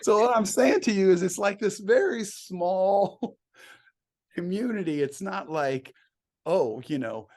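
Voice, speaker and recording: A man's voice: high-pitched, expressive, takes it slowly, darkish tone. A man, a songwriter guest in an interview, telling anecdotes casually, laughing often and acting out the dialogue he quotes.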